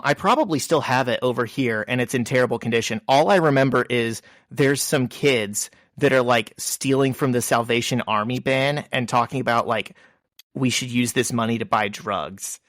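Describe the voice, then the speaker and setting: A man co-hosting a podcast in casual chat, relaxed and rambling, with plenty of fillers. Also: mid-range voice, moderate pace, dry recording, clean studio sound. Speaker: podcast co-host.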